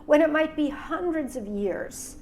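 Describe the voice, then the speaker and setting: Higher-voiced woman hosting an interview. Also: lively intonation, a little slow, a little mellow. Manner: musing, winding questions. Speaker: host and interviewer. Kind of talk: casual interview.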